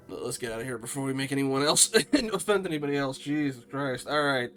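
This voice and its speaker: A man talks loosely over his game stream at an everyday mid pitch. He rambles, pokes fun at himself, and greets viewers in an easygoing way. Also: expressive, brisk, hardly any pauses, fairly bright tone, faint music behind. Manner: chatty, self-deprecating asides. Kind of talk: casual gameplay commentary.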